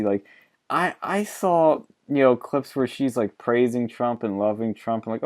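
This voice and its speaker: A man's voice: mid-range voice, lively intonation, a little slow, a little mellow. A man hosting a podcast, blunt and profane in casual political chat, laughing often. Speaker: podcast host.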